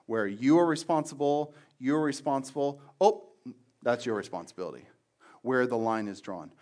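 A middle-aged man preaching a sermon, swinging from loud emphatic bursts to quiet asides and acting out dialogue. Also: medium pitch. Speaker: pastor.

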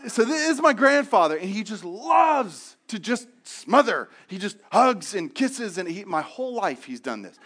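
A man's voice: sits high, moderate pace, hardly any pauses. A young man preaching a sermon, telling stories and acting out the voices of the people in them with sudden jumps up and down. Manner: animated storytelling, acting out quotes in raised voices. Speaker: pastor.

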